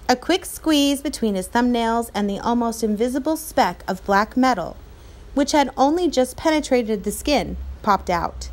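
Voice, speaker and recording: A woman with a fairly high voice reads a children's novel aloud. She tells the story clearly and expressively, at an even pace. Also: normal speed. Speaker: reader.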